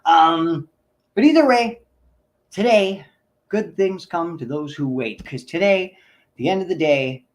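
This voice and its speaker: This is a hyped-up man who talks in a strikingly high voice. He rambles loosely and speaks straight to the viewers of his livestream. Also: expressive, unhurried, long pauses, rough recording. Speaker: livestream host. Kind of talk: excited livestream chat with viewers.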